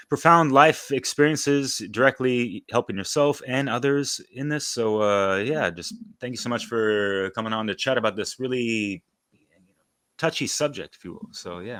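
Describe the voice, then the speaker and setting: A man's voice: on the low side, fairly bright tone, dry recording, studio quality. A man hosting a podcast interview, joking loosely and cursing casually while he introduces his guest. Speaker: podcast host. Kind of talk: casual chat. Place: broadcasting remotely.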